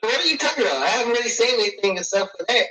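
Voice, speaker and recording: A man's voice: sits high, expressive, rapid-fire, pushed and bright. Male co-host, far from the mic. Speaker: podcast co-host. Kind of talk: casual podcast chat. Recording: distant from the mic.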